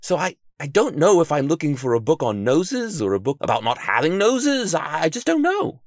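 A man voicing a loud, impulsive male detective who exclaims and stammers dramatically. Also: on the high side, huge pitch swings, moderate pace, dry recording, studio quality, voice pushed up. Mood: eager.

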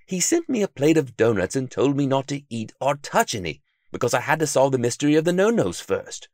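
A man voicing a loud, impulsive male detective who exclaims and stammers dramatically. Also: mid-range voice, big pitch swings, brisk, dry recording, clean studio sound, pitched above the performer's own voice. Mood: eager.

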